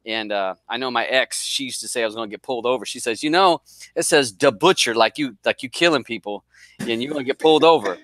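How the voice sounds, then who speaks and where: A man's voice: medium pitch, quick pace, a bit bright, dry recording. A middle-aged man from the northern US, a guest telling a rambling, joking story in a casual way. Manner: rambling, self-deprecating, jokes around.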